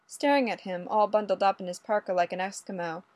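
Lady reading a story out loud, lively, super dry close mic. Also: mid-range voice, brisk, no room sound. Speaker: audiobook reader. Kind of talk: storybook narration.

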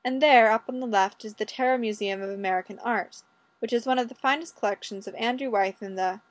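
A woman voicing a polite, patient male Canadian Mountie who speaks courteously and gently pleads. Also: on the high side, brisk, dry recording, close to an everyday voice.

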